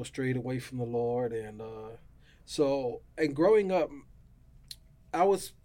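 A man's voice: mid-range voice, mellow. A middle-aged man telling his personal faith testimony as a podcast guest, in an earnest, emotional way.

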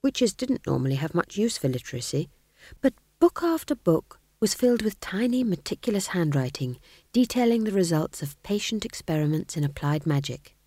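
A woman reading a comic fantasy novel aloud in a wry, expressive storytelling manner. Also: lowish voice, moderate pace, no room sound, clean studio sound. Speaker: audiobook reader. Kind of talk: scripted narration.

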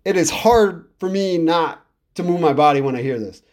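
A man's voice: fairly high pitch, moderate pace, a little mellow. A man hosting a podcast who talks through an album in a casual, enthusiastic, rambling way, repeating himself for emphasis. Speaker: podcast host. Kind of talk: casual music review monologue.

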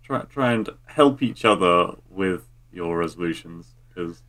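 A man's voice: low-pitched, expressive, measured pace, a bit bright. A man co-hosting a podcast, chatting casually and hesitantly with many fillers. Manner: hesitant, lots of "uh" and "um". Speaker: podcast co-host. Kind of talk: casual chat.

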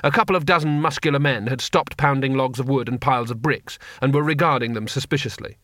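A man narrating an audiobook with expressive storytelling. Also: mid-range voice, fast, no echo. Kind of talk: scripted narration.

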